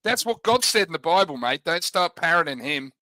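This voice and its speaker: A man on a late-night stream, joking in a deadpan way and calling people mate. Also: a little high, a little fast, poor audio. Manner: dry deadpan humor, calls people mate. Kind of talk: casual joking chat.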